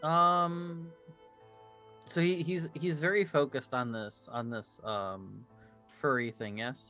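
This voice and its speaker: A man's voice: mid-range voice, fairly even intonation, slow, pushed and bright, soft background music. A man playing a tabletop game, hesitant and stammering, with many fillers. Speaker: player.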